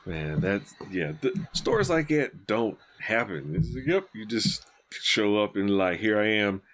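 A male podcast host reacts to his guest in casual chat. He is relaxed and enthusiastic. His voice is on the low side and very lively in its pitch. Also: measured pace.

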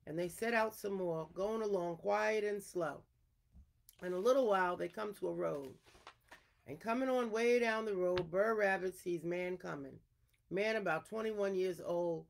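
A woman reading an animal folk tale aloud in an unhurried storytelling manner, her throat a little irritated. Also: lowish voice, creaky.

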